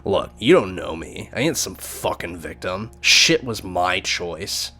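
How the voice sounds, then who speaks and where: A man's voice: sits low, very animated, a little slow, bright, forceful tone, heavily acted. A man voicing a coarse, brazen young man who talks bluntly and crudely, in a story game. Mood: defiant.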